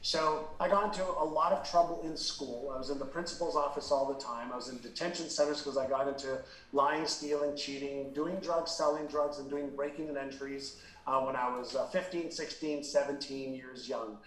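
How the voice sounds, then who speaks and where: A man's voice: mid-range voice, fairly even intonation, moderate pace, fairly bright tone, roomy sound, recorded from a distance, a little hiss or hum, poor audio. A middle-aged man from Israel telling a personal story in a candid interview, earnest and emotional, with frequent fillers and restarts. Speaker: interview guest.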